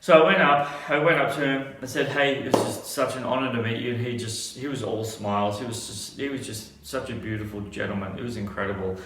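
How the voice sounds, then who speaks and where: A man's voice: medium pitch, fairly even intonation, a little fast, few pauses, fairly bright tone, a little hiss or hum. A man telling a casual story, rambling with many restarts. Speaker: vlogger. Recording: echoey room.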